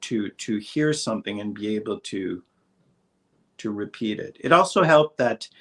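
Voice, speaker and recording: A man's voice: lowish voice, animated, normal speed, fairly bright tone. A man in his sixties, a guest actor in a casual interview, talking in a rambling, hesitant way with many fillers and restarts. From Saint Boniface, Manitoba, Canada. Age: 60s.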